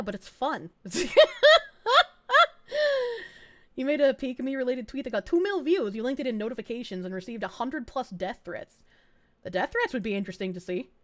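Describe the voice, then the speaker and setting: A woman's voice: fairly high pitch, fairly quick, darkish tone, no room sound. A young woman streamer with a Southern US accent, chatting casually while reading chat aloud, laughing often and swearing freely. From American South. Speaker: VTuber streamer.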